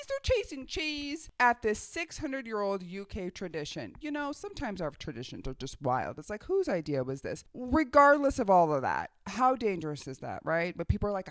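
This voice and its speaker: Animated woman in her forties reacting. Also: medium pitch, no room sound. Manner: animated, exclaiming and joking. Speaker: reaction video host. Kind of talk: casual reaction commentary.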